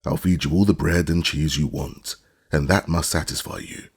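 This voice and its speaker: A man's voice: very deep voice, steady tone, moderate pace, slightly rough, full character voice. A man voicing an earnest, polite young boy in an audiobook, speaking in a pleading, sincere way.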